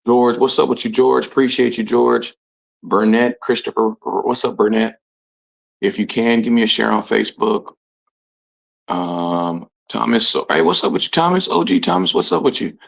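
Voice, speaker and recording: A man hosting a casual livestream, reading out commenters' names and greeting them in relaxed, slangy talk. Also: mid-range voice, normal speed, vocal fry. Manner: shouting out commenters, laid-back slangy talk. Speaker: livestream host. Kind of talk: casual live-stream chat.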